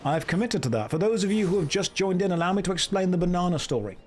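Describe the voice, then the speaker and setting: A British man streaming a game, bantering with chat in a sarcastic, deadpan way. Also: sits high, fast, slight background noise. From Britain. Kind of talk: casual livestream commentary.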